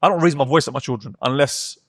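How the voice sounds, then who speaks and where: A man in his thirties speaks in a thoughtful, hesitant way, often restarting his words. His voice sits at a middle pitch. The recording is dry and close. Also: quick pace, a bit bright, no room sound. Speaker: podcast co-host. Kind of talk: casual chat.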